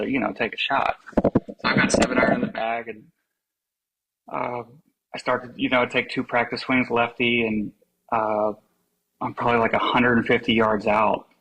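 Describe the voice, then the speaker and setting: A man's voice: mid-range voice, vocal fry, fairly bright tone, slightly rough, rough recording. A man chatting as a podcast guest, telling rambling stories and laughing often. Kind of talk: casual chat.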